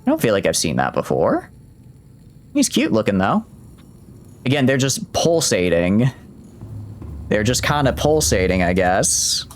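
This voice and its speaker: A man's voice: lowish voice, a little hiss or hum. A man chatting casually while streaming a game, rambling and cutting himself off mid-thought. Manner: chatty, rambling, self-interrupting. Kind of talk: casual gameplay commentary.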